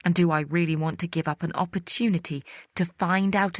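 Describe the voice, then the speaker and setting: A woman with a lowish voice narrating a suspense audiobook in the first person. Her delivery is measured and introspective, recorded close with a dry, roomless sound. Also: no room sound.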